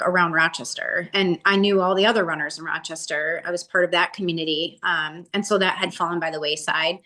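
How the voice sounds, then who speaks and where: A woman in her forties, an interview guest, telling her story casually and acting out what people said with a rising voice. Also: fairly low pitch. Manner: animated, acts out quotes with a rising voice.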